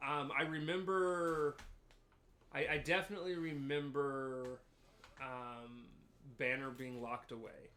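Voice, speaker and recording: Podcast host guy rambling through a review, lots of ums, sharp bright tone. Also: mid-range voice, fairly even intonation, slow pace. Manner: talkative, explains at length with frequent ums. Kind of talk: casual review chat.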